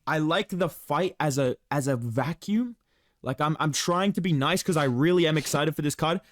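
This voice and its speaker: A man's voice: fairly high pitch, normal speed, no room sound, clean studio sound. A man co-hosting a casual sports reaction chat, heated and profane as he rants. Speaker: podcast co-host.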